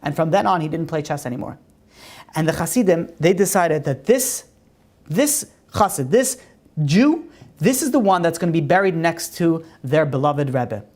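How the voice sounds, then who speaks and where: A woman teaching a religious class and telling stories in a conversational way. Her pitch rises on emphatic questions. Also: lively intonation, normal speed, a little mellow.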